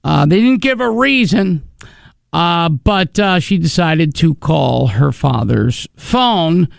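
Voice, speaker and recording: A man's voice: on the high side, lively intonation, slow, vocal fry, dry recording. A man co-hosting morning radio, telling stories in a chatty, filler-heavy way on a studio mic. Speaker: radio co-host.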